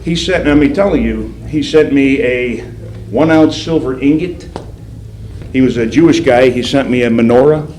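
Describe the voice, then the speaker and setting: Speaking at a normal speed in a mid-range voice, an older man who works as a federal agent tells a story to police recruits. He brings it to life by performing each quoted voice. There's a roomy hall echo and a little background noise.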